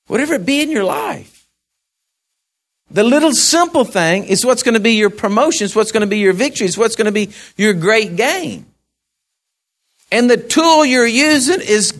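Man preaching, folksy asides to the pews, higher voice that swings widely. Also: fairly bright tone. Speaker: pastor. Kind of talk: sermon.

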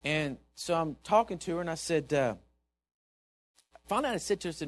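Preacher, slightly high voice, lively storyteller, quiet asides then loud pleas, church sermon. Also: male voice, a little fast, pauses often. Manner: animated storyteller, swings from hushed asides to loud exhortation. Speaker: pastor.

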